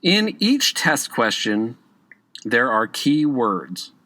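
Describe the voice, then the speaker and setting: A man's voice: medium pitch, very animated, drawn-out words, bright, forceful tone, no room sound. A man hosting a podcast who gives casual exam-prep advice, often checking in with "okay?" and leaning hard on key words. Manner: conversational, repeats "okay?" to check in with listeners; stresses key words with emphatic rises. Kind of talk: casual instructional podcast talk.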